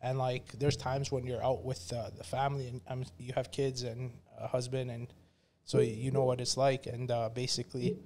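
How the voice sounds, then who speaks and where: A man's voice: medium pitch, level tone, moderate pace, darkish tone, slight background noise. A man hosting a podcast interview, asking plain questions between short interjections. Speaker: podcast host. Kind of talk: casual interview chat.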